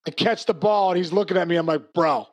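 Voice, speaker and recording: A middle-aged man, a former ballplayer, telling stories in a casual interview, animated and quick with restarts and acted-out quotes. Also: sits high. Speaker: former baseball player and hitting coach.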